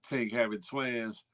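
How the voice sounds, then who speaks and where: A man's voice: mid-range voice, fairly bright tone. A man hosting a morning show, chatting casually and teasing viewers with slang and laughter. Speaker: morning show host reading viewer comments. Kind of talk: casual chat.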